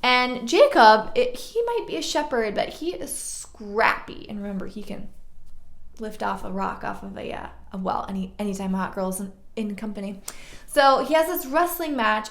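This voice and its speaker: Chatty lady telling a bible story, gravelly fry, echoey room. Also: on the high side, expressive, moderate pace. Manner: chatty, jokey asides, slangy. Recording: roomy echo.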